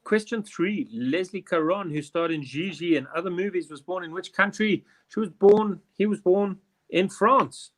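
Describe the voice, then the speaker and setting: A man's voice: high-pitched, moderate pace. Jokey man hosting a quiz. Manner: jokey, reads questions then riffs with swearing and laughs. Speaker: quiz host. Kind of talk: casual quiz hosting with banter.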